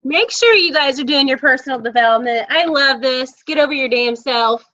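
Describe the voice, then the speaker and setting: Chatty woman team leader, bright voice, dry dull call audio. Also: high voice, moderate pace, no room sound. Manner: chatty, candid, lively storytelling. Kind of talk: casual coaching talk on a video call. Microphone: laptop video call mic.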